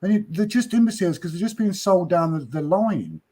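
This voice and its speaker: A man's voice: high-pitched, sing-song, brisk, warm tone. A man chatting casually on a podcast, blunt and sarcastic, swearing freely. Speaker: podcast host. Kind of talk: casual chat.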